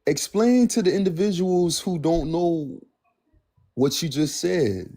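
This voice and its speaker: A man calling into a debate stream, speaking in a drawn-out, playful preacher-like cadence and calling others beloved. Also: fairly high pitch, warm tone. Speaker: caller posing as a divine figure. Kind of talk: casual debate chat.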